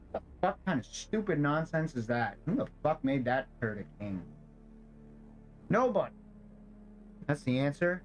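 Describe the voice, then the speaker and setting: A male streamer chats over his game in a loose, profane style, ranting with plenty of exasperated swearing. He sounds overheated and fed up from sitting in a stuffy apartment. His voice is slightly high, with faint game music playing behind him. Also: expressive, normal speed, pauses often, low-quality recording. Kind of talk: casual gameplay commentary and dialogue reading. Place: hot apartment.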